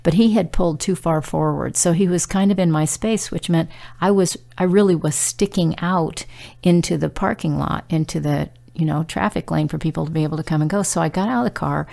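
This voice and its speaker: A middle-aged devotional speaker delivers a casual message in a low, gravelly yet warm voice. Earnest and conversational, she pauses on fillers and restarts sentences as she goes.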